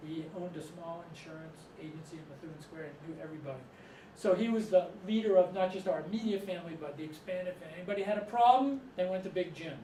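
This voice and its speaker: A middle-aged man from Massachusetts with a fairly high voice spins rambling anecdotes to a live audience and chuckles as he goes. He is caught from some distance in an echoey room, and a steady layer of noise sits under his voice. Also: fast. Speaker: author and storyteller. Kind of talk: storytelling talk to a live audience.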